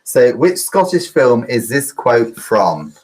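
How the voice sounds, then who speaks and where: A man's voice: medium pitch, big pitch swings, slow pace, darkish tone, slight background noise, low-quality recording. Male quiz host, rambling and chatty, easily flustered. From United Kingdom. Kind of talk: live-streamed pub quiz hosting.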